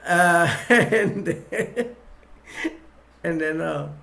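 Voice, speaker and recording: A man casually retelling movie scenes as a reviewer, halting and rambling with many restarts and chuckling as he goes. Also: a little high, gravelly, bright, forceful tone.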